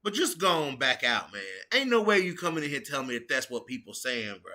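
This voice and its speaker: A man hosting a casual reaction stream, animated and foul-mouthed, peppering every line with "bro.". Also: fairly high pitch, brisk, few pauses. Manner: animated, swearing, keeps saying bro.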